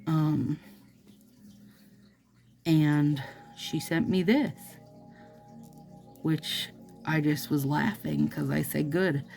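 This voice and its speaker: A woman with a low, mellow voice chats unhurriedly with her viewers as she works on her nails. Her talk is rambling and playful, full of little asides, with a gravelly texture. Soft music plays faintly behind her. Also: steady tone, drawn-out words, long pauses. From Minnesota. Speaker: nail vlogger. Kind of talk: casual chat to camera while applying nail strips.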